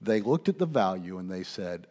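A male pastor preaching a sermon, asking his listeners questions and swinging between hushed asides and loud emphasis. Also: low-pitched, sing-song, moderate pace. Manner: conversational, asks the congregation questions.

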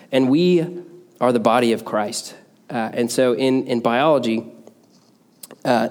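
Male preacher, middle pitch, relaxed conversational sermon delivery with frequent fillers.

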